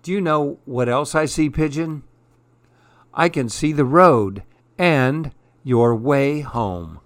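A man voicing a dreamy, curious little male mouse who speaks in a soft, wondering, eager way, raised above his own voice. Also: mid-range voice, lively intonation, takes it slowly, dry recording.

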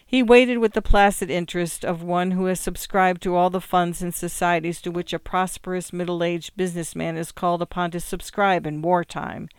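A woman narrating a story in a steady, measured reading voice. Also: fairly low pitch, smooth, no room sound, clean studio sound. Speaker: audiobook narrator.

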